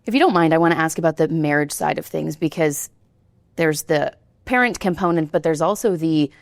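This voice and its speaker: A woman's voice: sits low, a little fast, creaky, no echo. A woman interviewer asking long, winding questions in a studio, often checking in with "right?".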